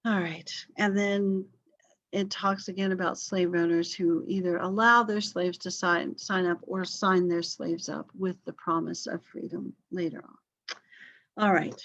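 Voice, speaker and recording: A woman gives a history lesson over a video call, her voice a little muffled and lo-fi. She talks in an easygoing, chatty way, full of ums and quick apologies. Her pitch sits in an ordinary middle range. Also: fairly bright tone. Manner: conversational, apologetic asides, frequent fillers. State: coughing, yawning. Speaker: history teacher. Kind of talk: online class lecture.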